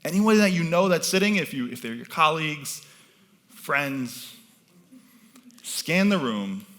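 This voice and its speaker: Man, mentalist performer, live stage patter, bright tone, slightly high pitch, commanding and playful. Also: lively intonation, measured pace. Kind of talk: live stage audience participation. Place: event stage before a live audience.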